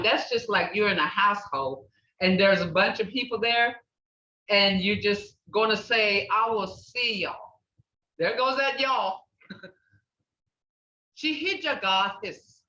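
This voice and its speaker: Older woman teaching slowly in echoey room. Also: mid-range voice, bright, forceful tone. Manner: repeats words slowly, checks in with "okay?". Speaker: language teacher. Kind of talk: classroom language lesson. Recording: echoey, distant, dull room recording.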